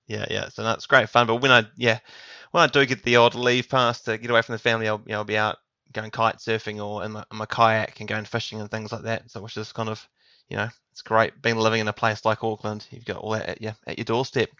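A man's voice: on the low side, little pitch movement, quick pace, sharp tone, no echo. A man in his thirties with a New Zealand accent, a guest chatting in a friendly way and laughing easily. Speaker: podcast guest. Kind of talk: casual interview chat. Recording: dull, dry lo-fi sound.

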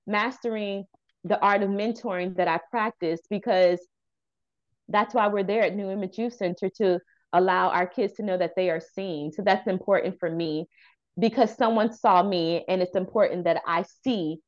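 A woman's voice: mid-range voice, moderate pace, muffled recording. A woman in her thirties, a youth center founder and therapist, telling a heartfelt personal story in an interview. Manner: earnest, animated storyteller acting out quoted dialogue.

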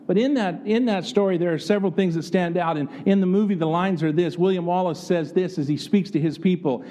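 A man's voice: high-pitched, a little fast, few pauses, dark tone. A man from the United States preaching a sermon in an earnest, conversational way, often asking the congregation rhetorical questions. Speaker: pastor.

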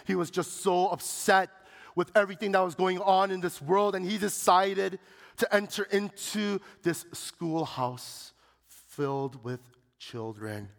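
A man's voice: sits high, a little slow, gravelly, long reverb tail. A man preaching a sermon, telling a story dramatically and building to impassioned peaks.

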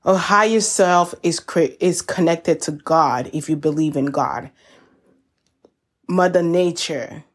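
A woman hosting a self-help podcast, talking in a gentle, encouraging way and calling her listeners y'all. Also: lowish voice, slow pace, husky. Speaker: podcast host. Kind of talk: reflective self-help talk.

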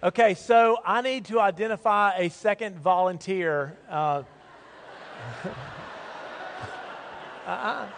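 High-voiced man preaching in echoing church. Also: a little hiss or hum. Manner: conversational, folksy storytelling. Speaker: pastor. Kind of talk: sermon. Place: church sanctuary. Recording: long reverb of a church hall.

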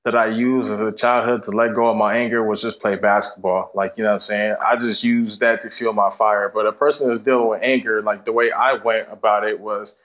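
Fast-talking young man, loose and chatty. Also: lowish voice, flat delivery, a bit bright. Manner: fast, loose, many fillers like "you know what I'm saying". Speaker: football player guest. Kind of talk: casual interview storytelling. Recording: dull lo-fi podcast audio.

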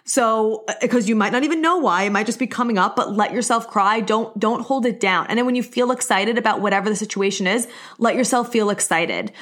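A woman's voice: fairly high pitch, fairly quick, a bit bright. Chatty young woman sharing openly. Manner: chatty, open, leans heavily on "like"; earnest and encouraging. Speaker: solo podcast host. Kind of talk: casual personal monologue.

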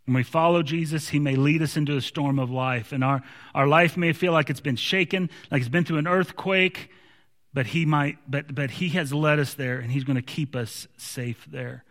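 A man's voice: on the high side, steady tone, normal speed, fairly bright tone, big-room sound. A man preaching a sermon in an emphatic way, sometimes repeating words as he restarts.

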